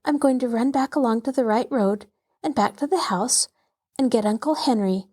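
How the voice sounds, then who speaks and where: A woman voicing a scared young girl who is trying to sound firm and calm. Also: fairly high pitch, moderate pace, close to an everyday voice.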